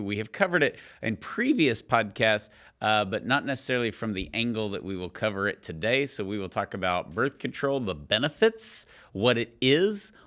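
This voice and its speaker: A man's voice: on the low side, bright, forceful tone. A young man from Texas hosting a podcast, chatting casually, teasing his co-hosts and laughing easily. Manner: teasing, joking, quick to laugh. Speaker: podcast host.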